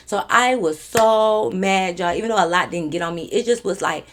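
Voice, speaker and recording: A woman's voice: fairly low pitch, normal speed, gravelly, hardly any pauses, slight background noise. A young woman, telling a storytime vlog casually and animatedly, with lots of swearing and fillers. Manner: animated, profane, conversational with many fillers. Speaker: storytime vlogger.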